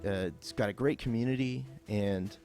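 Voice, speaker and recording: A man with a lowish voice walks through a video game tutorial in an easygoing, off-the-cuff voice-over. He rambles a bit and leans on fillers. Soft music plays faintly underneath. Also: normal speed. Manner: casual and rambling, with many fillers. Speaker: gameplay tutorial host.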